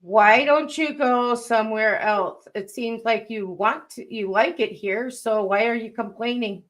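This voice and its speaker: A woman's voice: a little high, measured pace. A woman co-hosting a casual live stream, chatting and then making an earnest appeal to viewers.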